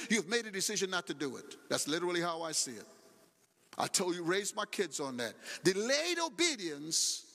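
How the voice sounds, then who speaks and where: A man's voice: high voice, sharp tone. A middle-aged male pastor preaching a sermon in a church, talking animatedly and repeating phrases for emphasis. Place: church sanctuary. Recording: long hall reverb.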